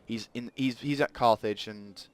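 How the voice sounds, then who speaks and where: A man's voice: medium pitch, a little slow. A man giving rambling let's play commentary at a desk mic, thinking aloud as he plays. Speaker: gaming channel host.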